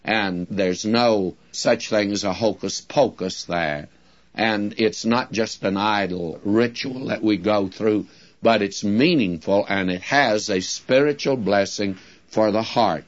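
A man teaching from the Bible in a sermon, deliberately drawing out key words and speaking directly to his listeners. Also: lowish voice. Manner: addresses listeners directly, folksy asides. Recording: dull lo-fi recording.

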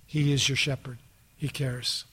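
A man's voice: mid-range voice, level tone, measured pace, fairly bright tone, slightly rough. A man preaching a sermon as a pastor, earnest and often putting rhetorical questions to his listeners.

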